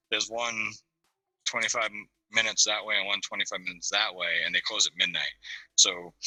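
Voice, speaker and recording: Guy on a zoom call with headphones, talks fast, rambly and animated, crisp dry sound. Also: low-pitched, dry recording, low-quality recording. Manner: rambling, animated, laughs a lot. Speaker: panel guest. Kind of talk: casual storytelling on a video call. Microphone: video call with headphones.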